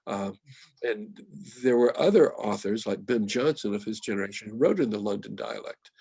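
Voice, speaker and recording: Husky low-voiced Pittsburgh-area man. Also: darkish tone, no room sound. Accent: Western Pennsylvania. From Mon Valley, Pennsylvania. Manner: thoughtful, measured, quoting lines slowly. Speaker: guest poet. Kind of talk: reflective talk on poetry.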